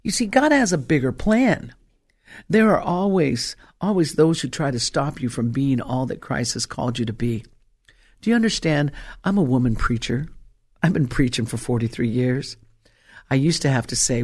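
An older woman evangelist preaching with force. She fires off rhetorical questions and lands her points with emphasis, her voice climbing to loud peaks. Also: deep voice, expressive, normal speed, husky. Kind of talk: sermon.

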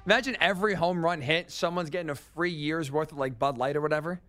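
Sports radio host, male, higher voice, incredulous rants, faint music bed underneath. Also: fast, fairly bright tone. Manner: incredulous, ranting storyteller. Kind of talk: sports talk radio chat.

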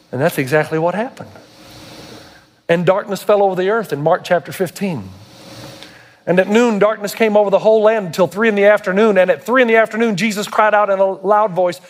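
Man, pastor, fervent sermon, high-pitched voice, rhetorical questions. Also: fairly quick. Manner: impassioned, rhetorical questions to the congregation.

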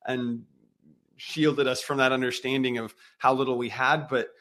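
A missionary musician in his thirties, appearing as an interview guest, tells a story at normal speed in a medium-pitched voice. He's an animated storyteller who acts out the quoted dialogue in lively fashion.

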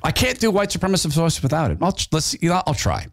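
A man hosting an opinion talk show, sarcastic and animated. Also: a little high, fast, vocal fry, no room sound.

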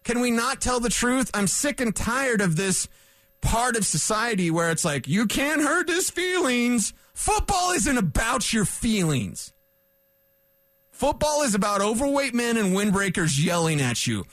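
This male sports radio host has a high-pitched, very animated, unhurried voice with a slightly bright edge and no room sound. Ranting in the studio, he's emphatic and combative, driving each point home through repetition.

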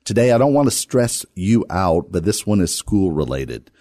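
A man hosting a radio Bible study podcast, talking casually with playful, self-deprecating jokes and sudden lively jumps. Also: low voice, moderate pace, no echo, clean studio sound. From Virginia, US.

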